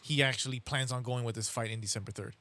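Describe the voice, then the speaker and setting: A man's voice: medium pitch, steady tone, quick pace, sharp tone, dry recording. A man co-hosting a boxing podcast, chatting casually, agreeing often and speaking in loose, rambling phrases. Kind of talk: casual chat.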